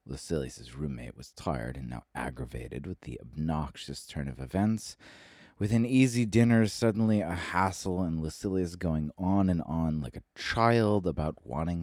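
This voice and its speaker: Very deep-voiced male podcast narrator. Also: darkish tone, no echo, studio quality. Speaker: podcast host. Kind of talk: scripted story narration.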